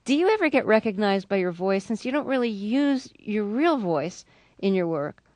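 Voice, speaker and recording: A woman hosting a radio interview, asking calm, measured questions. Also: mid-range voice, dry recording. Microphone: studio microphone.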